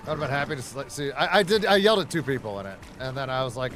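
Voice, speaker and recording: A man's voice: mid-range voice, expressive, rapid-fire, few pauses, fairly bright tone, a little hiss or hum. A man live-streaming a video game, chatting casually and profanely with his viewers while he plays. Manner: profane, rambling, talks to chat and the game. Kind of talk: casual gaming livestream chat.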